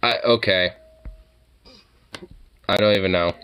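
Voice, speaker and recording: A man's voice: on the low side, steady tone, slow pace, sharp tone, a little hiss or hum, rough recording. A man streaming a reaction to videos, talking in a casual, rambling way that is heavy with fillers, restarts and swearing.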